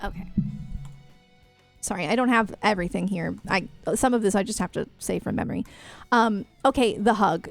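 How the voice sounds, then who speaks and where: A woman's voice: medium pitch, normal speed, creaky, dry recording. A young woman streamer chatting casually and gushing as a fan, filling her talk with "like" and "um". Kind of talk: casual livestream chat. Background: faint music.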